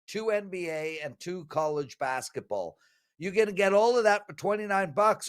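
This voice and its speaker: A slightly high-voiced man who talks slowly but turns animated and pleading as he pitches his betting picks. He swings from loud bursts down to low mutters. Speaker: sports betting handicapper. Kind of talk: sales pitch in casual chat.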